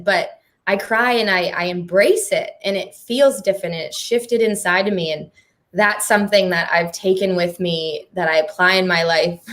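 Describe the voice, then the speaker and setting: A woman's voice: medium pitch, fairly bright tone. A woman moderating a live panel conversation on stage. She speaks in an earnest, heartfelt way and laughs often. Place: performing arts centre stage.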